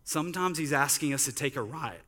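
A man's voice: on the high side, animated, fairly quick, pushed and bright, in a large hall. A man preaching a sermon in a conversational storytelling manner, using lots of "like" fillers. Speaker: pastor. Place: church sanctuary.

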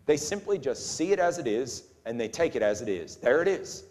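A man preaching a sermon in an animated way, acting out the voices of the people in his story. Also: medium pitch, a little fast. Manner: animated, acts out voices of the crowd. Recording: long hall reverb.

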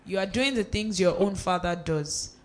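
A reader going through a Bible passage aloud at a steady pace, with a few small slips and restarts. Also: mid-range voice, normal speed, slight background noise. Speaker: scripture reader. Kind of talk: reading scripture aloud.

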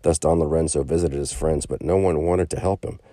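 A man reading a children's story aloud in a calm narrating voice, raising his pitch for the quoted characters. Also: brisk, no room sound, clean studio sound.

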